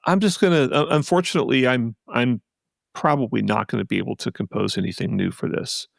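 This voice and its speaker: Gravelly and medium-pitched, a man co-hosting a podcast speaks fairly quickly in loose, rambling conversation with many restarts and asides. The audio is studio quality, with no echo.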